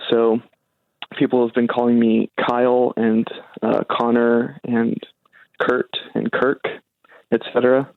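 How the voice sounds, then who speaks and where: Caller: young college-age man, halting delivery, tinny dry phone sound. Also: medium pitch, little pitch movement, gravelly, no echo. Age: young adult. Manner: hesitant, lots of ums and uhs. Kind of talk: casual call-in chat. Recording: phone-like call line.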